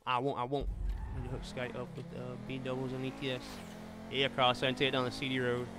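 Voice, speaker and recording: Excitable male gamer streaming a race. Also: medium pitch, fast talker, background noise. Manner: chatty, talks to viewers and racing friends, frequent exclamations. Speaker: game streamer. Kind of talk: live gameplay commentary.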